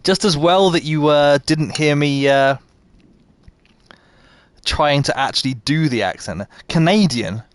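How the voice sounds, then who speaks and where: A British gaming streamer with a higher-pitched male voice and no echo chats casually while playing, poking fun at himself. He throws quick asides to his chat and laughs often during the live gameplay commentary.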